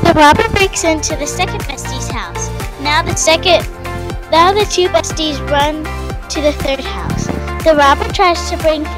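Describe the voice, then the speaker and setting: A woman reading a short children's story aloud in a plain, steady way. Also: sits high, measured pace. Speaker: narrator. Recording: clear music under the voice.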